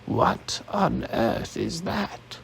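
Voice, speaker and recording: A man's voice: fairly high pitch, wildly swooping pitch, drawn-out words, gravelly, voice pushed up, heavily acted. A man reading an audiobook, voicing a suspicious old woman leader with a crackly, scornful voice. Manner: scornful, dismissive.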